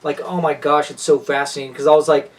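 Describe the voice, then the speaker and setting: Man, podcast co-host, casual chat, gushing, rambling, higher voice, slightly distant from mic. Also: little pitch movement, fast. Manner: enthusiastic, gushing, rambling with many restarts.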